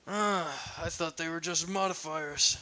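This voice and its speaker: A man's voice: fairly high pitch, steady tone, a little slow, bright, forceful tone, pitched above the performer's own voice, rough recording. A man voicing a formal, courtly young armored warrior in a fan-made audio story, polite in an old-fashioned way.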